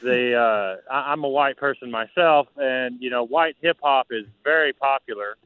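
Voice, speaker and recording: A man's voice: mid-range voice, normal speed, smooth, no room sound. A man calling into a radio show, hesitant and full of fillers. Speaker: caller. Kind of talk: phone call to a radio show. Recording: tinny phone line.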